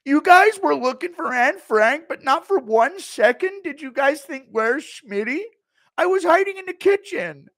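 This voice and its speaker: A man doing a shrill, whiny aggrieved guy. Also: very animated, exaggerated voice. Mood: whining. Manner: high-pitched, shouty, drawn-out whining. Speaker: streamer doing impressions.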